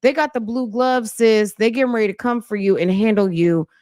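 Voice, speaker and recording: A woman's voice: fairly high pitch, a little fast, darkish tone, no echo, studio quality. A woman giving sassy, teasing commentary as she reacts to a video.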